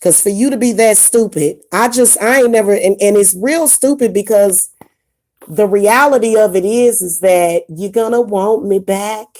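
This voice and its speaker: A woman vents to her channel in a blunt, indignant rant, circling back over the same points. Her voice is mellow and warm rather than bright, and it sits at an ordinary middle pitch. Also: normal speed. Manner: blunt, indignant, repeats herself. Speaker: spiritual advice vlogger. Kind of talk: casual ranting monologue to camera.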